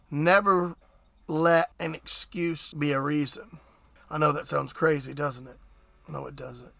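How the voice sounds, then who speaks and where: A man's voice: a little high, pushed and bright, dry recording. A man hosting his own show, giving an emphatic, preachy solo monologue that keeps repeating words for effect. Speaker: podcast host.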